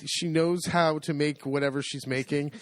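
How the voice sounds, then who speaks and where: A man's voice: on the high side, steady tone, normal speed, no room sound. A man co-hosting a podcast, chatting casually with a wry, joking manner. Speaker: podcast co-host. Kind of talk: casual chat.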